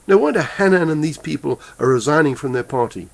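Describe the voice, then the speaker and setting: A man angrily delivering a heated political rant to his webcam, halting and repeating himself as he goes. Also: a little high, lively intonation, creaky, slight background noise. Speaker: political commentator. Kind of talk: impassioned political rant to camera. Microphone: webcam microphone.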